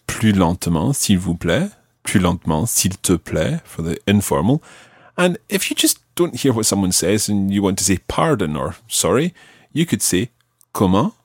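A man hosting a podcast language lesson, teaching patiently and slowing down to spell out each phrase. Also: fairly low pitch, big pitch swings, breathy edge, no room sound, studio quality.

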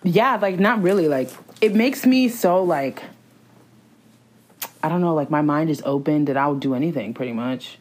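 Animated lower-voiced young woman chatting. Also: moderate pace. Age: 20s. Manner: animated, laughing, playful slang. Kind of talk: casual chat.

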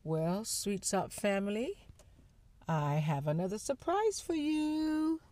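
A woman hosting a comedy channel, with playful, drawn-out intros. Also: medium pitch, big pitch swings. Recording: over loud music.

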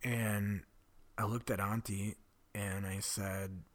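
A man telling a personal story in a candid, confessional way, often dropping to a breathy near-whisper and swearing bluntly. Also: on the low side, little pitch movement, slow, a bit bright. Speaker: vlogger telling his own story.

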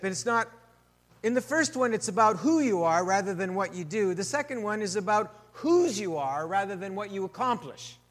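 A male pastor delivers a sermon in a high, light voice that rings out in a hall with a long tail of reverb. His talk is conversational, full of questions to the congregation, and he sinks to a hush when he makes personal admissions. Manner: drops to a hushed voice for personal admissions.

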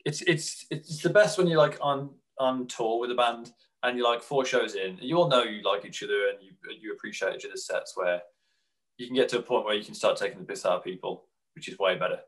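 A man co-hosting a podcast in casual chat, telling animated stories and slipping into quick mimicked voices of other people. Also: fairly low pitch, rough recording. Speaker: podcast co-host.

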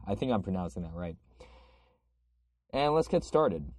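Male podcast host, a bit sick, reads aloud; lowish, warm, dry. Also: animated, normal speed, long pauses, no room sound. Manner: conversational, reading steadily. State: has a cold. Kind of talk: reading an article aloud.

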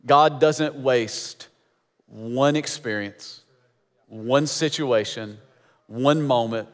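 A man's voice: medium pitch, drawn-out words, long reverb tail. A man preaching as pastor, emphatic and repeating phrases for effect. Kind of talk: sermon.

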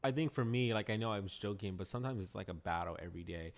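A man's voice: on the low side, rapid-fire. A man hosting a podcast, speaking candidly in casual conversation and laughing a little when he gets emotional. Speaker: podcast host.

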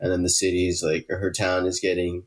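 A man's voice: low-pitched, completely flat delivery, fairly quick. A man hosting a casual movie review podcast, talking in a loose, rambling way with frequent swearing. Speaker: podcast host.

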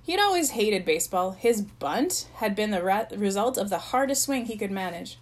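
A woman narrating a children's chapter book in a plain, even reading voice. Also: mid-range voice, moderate pace. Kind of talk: storybook read-aloud.

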